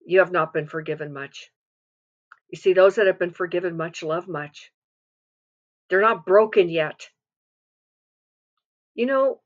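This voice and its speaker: Low-voiced woman giving a homespun devotional. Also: measured pace, pauses often, lo-fi sound. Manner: retells scripture conversationally, with restarts and asides. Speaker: devotional speaker. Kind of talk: informal devotional sermon.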